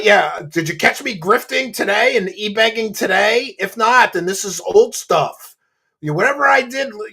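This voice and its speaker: A man hosting a commentary show, ranting and mocking, swinging between low muttering and loud shouting. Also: creaky, slightly rough.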